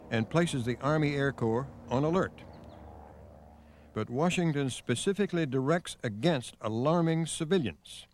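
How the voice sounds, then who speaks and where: A man narrating a television news documentary in a measured, grave scripted delivery. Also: medium pitch, a little mellow. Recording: faint noise on a VHS broadcast.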